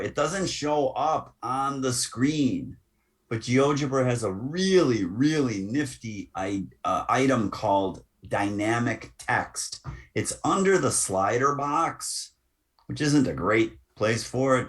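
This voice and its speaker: A man giving a screen-recorded software lesson as the instructor, talking through each click with casual asides. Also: mid-range voice, animated, takes it slowly.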